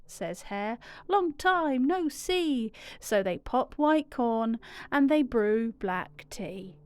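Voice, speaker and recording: A woman reads a children's storybook in a high, clear voice with an unhurried, sing-song rhythm. The sound is dry and close, with no room around it. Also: darkish tone, no room sound. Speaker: storybook reader.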